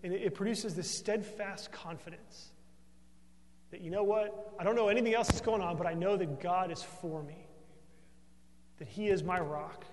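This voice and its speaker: A man's voice: sits high, normal speed, a little mellow, in a large hall, a little hiss or hum. A man preaching a sermon as pastor, earnest and emphatic, often tossing in a questioning "right?" to the congregation.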